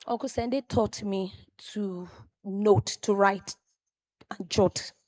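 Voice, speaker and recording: A woman with a Nigerian accent delivers a personal tribute as a lively storyteller. Her voice sits at a middle pitch, and she drops exclamations and asides to the crowd. The sound is dry, with little room echo. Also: slow pace. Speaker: tribute speaker at a memorial event.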